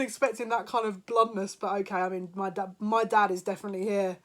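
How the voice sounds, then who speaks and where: A woman's voice: mid-range voice, fairly even intonation, quick pace, hardly any pauses. A woman giving a spiritual psychic reading to her viewers, talking in an emotional way. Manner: emotional, laughing, tearful at moments. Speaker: psychic reader. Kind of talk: spiritual card reading to camera.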